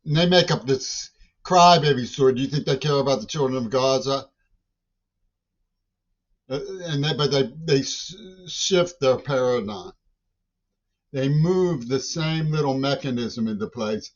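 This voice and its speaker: A man's voice: medium pitch, a little slow. An older man delivering a long, agitated, rambling monologue, often breaking off words and restarting. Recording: dull lo-fi recording.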